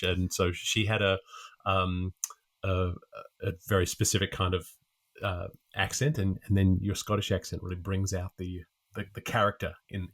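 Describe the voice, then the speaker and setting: A man co-hosting a podcast, talking through a book in a thoughtful, halting way with plenty of pauses. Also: sits low, fairly bright tone. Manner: thoughtful, halting, many fillers. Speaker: podcast co-host. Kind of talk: casual literary discussion.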